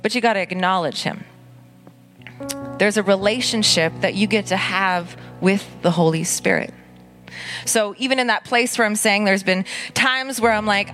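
Woman pastor, sermon, earnest, conversational, middle pitch, faint instrumental music behind. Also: a bit bright. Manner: earnest, conversational preaching with dramatic pauses.

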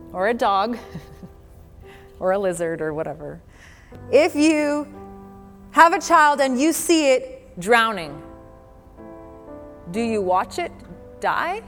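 Slow-preaching woman in a reverberant hall. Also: fairly high pitch, sing-song, fairly bright tone. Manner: earnest, conversational preaching with laughs and quoted scripture. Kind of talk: sermon. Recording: long hall reverb with faint music.

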